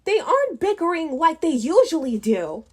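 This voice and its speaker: Pitching her voice far above her natural range, a woman plays an eager young girl in an extremely high, sing-song tone at normal speed.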